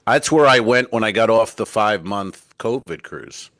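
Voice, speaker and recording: This middle-aged man has a voice on the low side, fairly bright and free of echo, at a moderate pace. A stand-up comic co-hosting a podcast from a cruise ship cabin, he rambles through profane stories in casual comedic banter, acting out the quotes.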